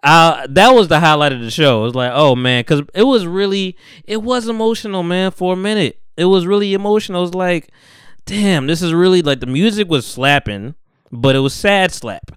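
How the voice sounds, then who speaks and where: A man's voice: high-pitched, normal speed, fairly bright tone, clean tone, no echo, studio quality. A young man hosting a podcast, recapping a TV episode in casual, slangy chat and acting out the characters' lines. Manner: slangy, laid-back, acts out characters' lines. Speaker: podcast host.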